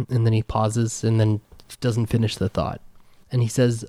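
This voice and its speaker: Halting male game master, dry room. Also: mid-range voice, little pitch movement, dark tone, dry recording. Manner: rambling, halting narration with many fillers. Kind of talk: narrating a tabletop game.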